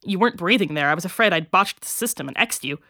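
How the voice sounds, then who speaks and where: A woman voicing an excitable young male rescuer who talks in strange slang, in a book reading. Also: high-pitched, quick pace, no echo, clean studio sound, full character voice. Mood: excited.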